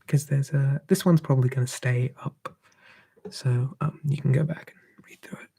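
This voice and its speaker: Brief: a man for a whispered ASMR live stream, soft, relaxed, husky whisper. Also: mid-range voice, normal speed. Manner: soft unvoiced whisper, relaxed, answering chat.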